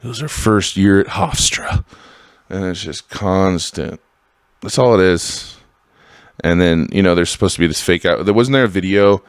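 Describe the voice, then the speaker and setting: A man hosting a podcast in a casual, heated monologue, swearing freely and swinging between loud outbursts and low mutters. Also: smooth, no room sound, studio quality. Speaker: podcast host.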